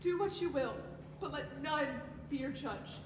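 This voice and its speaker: Teen girl doing a pleading puritan wife, very high voice, echoey hall, hissy phone audio. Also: unhurried, recorded from a distance. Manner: pleading, tearful. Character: humble Puritan wife, plain, remorseful. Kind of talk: high school stage play.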